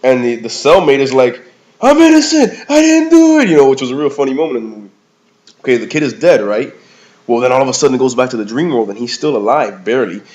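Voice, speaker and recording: A man's voice: medium pitch, fast talker, a little mellow. A man giving a casual, rambling movie review in slangy talk, often calling the listener "man" or "bro". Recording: slightly dull lo-fi recording.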